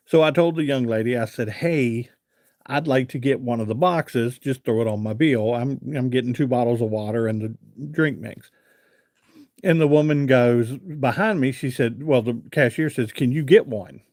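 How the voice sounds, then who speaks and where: This is a man hosting an evening live chat, talking casually and rambling through a story with fillers. His voice sits at an ordinary middle pitch. The sound is dry and close, with no room around it. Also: normal speed, darkish tone, no echo. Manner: chatty, rambling with fillers and repeated "I said". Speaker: livestream host.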